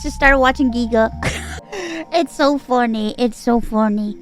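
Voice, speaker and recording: High-voiced, giggly woman streamer. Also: measured pace, faint music behind. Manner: animated and giggly, with dramatic outbursts. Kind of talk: casual livestream chat.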